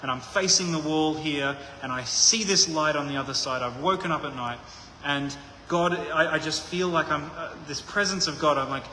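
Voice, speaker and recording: A man's voice: a little high, moderate pace, hardly any pauses, bright, forceful tone, a little hiss or hum. A man preaching a conversational sermon, thinking aloud with frequent restarts. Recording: echoey hall with long reverb.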